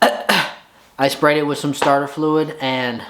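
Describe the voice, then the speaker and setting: A man talking casually in a home garage vlog as a motorcycle mechanic, exasperated and excitable, with a rambling way of talking. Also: fairly high pitch, slow pace, a little hiss or hum.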